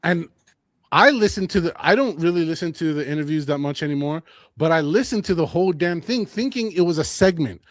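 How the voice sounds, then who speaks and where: Casual sports podcast guy, animated and blunt, dry close mic sound. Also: on the high side, a little fast, dry recording. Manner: animated, opinionated, repeats phrases. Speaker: podcast co-host. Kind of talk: casual combat sports chat.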